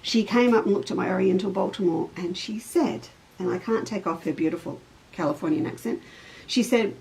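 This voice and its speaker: A woman's voice: medium pitch, brisk, creaky, a little mellow, poor audio. Chatty woman telling a story. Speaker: show host and fabric designer. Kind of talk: casual show-and-tell chat.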